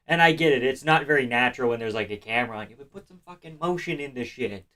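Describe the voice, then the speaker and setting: A man's voice: mid-range voice, fast talker, sharp tone, dry recording. A man casually reacting to fights on a live stream, chatting loosely with his viewers and swearing freely. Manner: loose, profane, chatty, greets chat by name.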